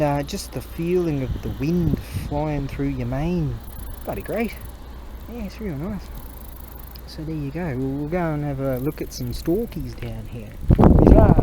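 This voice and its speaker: A man's voice: fairly high pitch, noisy background. A man vlogging outdoors, telling long rambling stories full of slang, swearing and fillers. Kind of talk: rambling casual storytelling.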